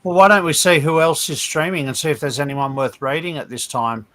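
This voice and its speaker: A man's voice: fairly high pitch, brisk, a bit bright. A man co-hosting a livestream, easygoing and plain-spoken in casual chat. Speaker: co-host.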